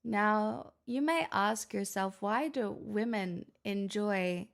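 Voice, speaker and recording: A woman's voice: mid-range voice, slow pace, vocal fry. A woman live streamer who is sick, chatting casually and rambling with self-deprecating asides.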